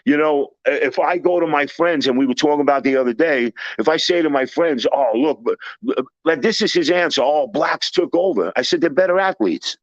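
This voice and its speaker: A man telling blunt, animated stories in casual talk and acting out the people he quotes. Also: a little high, a little fast, dry recording. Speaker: storyteller host. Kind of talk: casual storytelling. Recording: dry, dull lo-fi recording.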